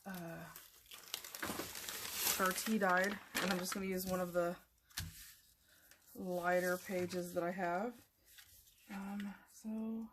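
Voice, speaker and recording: A woman's voice: medium pitch, noisy background. A woman hosting a craft tutorial, chatting casually and meanderingly to viewers as she works, a little sleepy and yawning. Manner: chatty and meandering, talking to viewers while working.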